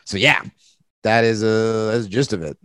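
A man's voice: on the low side, normal speed, fairly bright tone, clear, resonant tone, no room sound. A young man in candid casual conversation as a podcast guest, rambling and swearing, often restarting his sentences.

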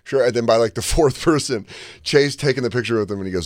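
A man co-hosting a podcast, telling stories in casual chat and shouting out the lines of fans he met. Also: mid-range voice, fast talker, no echo, studio quality. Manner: animated storyteller, shouting out fans' lines. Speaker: podcast co-host.

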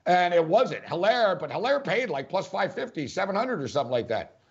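A man's voice: high-pitched, big pitch swings, fairly quick, muffled recording. A man co-hosting a sports podcast, emphatic and incredulous, hammering his points in casual debate.

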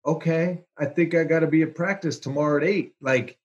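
A man, a former pro quarterback, telling stories in a relaxed interview with lots of fillers. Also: on the high side, brisk, dull audio. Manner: animated, chatty storyteller with fillers. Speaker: former NFL quarterback, guest. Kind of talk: casual storytelling interview.

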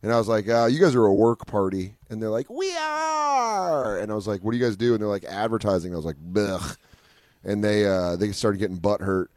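A man's voice: on the low side, fast talker, few pauses, no room sound, studio quality. A man hosting a comedy podcast, telling profane road stories in casual chat and acting out what people said. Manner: profane, animated, acts out quotes.

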